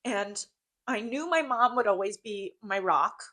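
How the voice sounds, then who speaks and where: A woman's voice: mid-range voice, expressive, a little slow, pushed and bright. A young woman co-hosting a casual podcast, talking in a heartfelt way, repeating phrases and saying "like" often. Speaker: podcast co-host.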